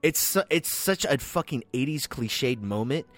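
A man's voice: medium pitch, lively intonation, unhurried, fairly bright tone. Emphatic, foul-mouthed man talking film. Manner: heavy swearing, emphatic and rambling. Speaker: podcast co-host. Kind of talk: casual film discussion.

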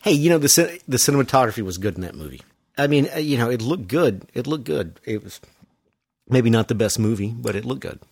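A man, a lighting technician, talking as a podcast guest. He is relaxed and hesitant and trails off into fillers. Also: mid-range voice, fairly quick, breathy edge, dry recording, studio quality. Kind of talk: casual interview chat.

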